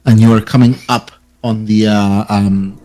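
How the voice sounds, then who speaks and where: Halting young man narrating a tabletop game. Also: on the low side, fairly even intonation, mellow, poor audio. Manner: halting, many fillers and restarts. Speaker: game master.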